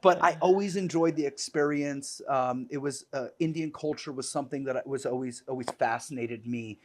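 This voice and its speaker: A man, a dog sport judge, chatting casually on a podcast and telling lively stories, with many "you know" fillers. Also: medium pitch, normal speed.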